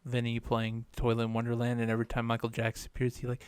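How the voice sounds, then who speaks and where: A man on a casual podcast who speaks in a flat, level voice with little pitch movement. He throws in offhand, dry remarks, recorded close up in a dead, dry space. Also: quick pace, hardly any pauses, smooth, dry recording. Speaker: podcast co-host. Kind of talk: casual chat.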